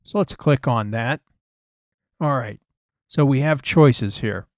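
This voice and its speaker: A male course instructor giving a recorded technical lecture in a steady, explanatory way and stressing key points again and again. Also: mid-range voice, slow, no room sound, studio quality.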